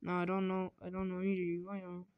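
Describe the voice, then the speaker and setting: A woman voicing a weak, self-pitying man who has been robbed, complaining with breathy sighs. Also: lowish voice, monotone, fast talker, no room sound, muffled recording, natural voice.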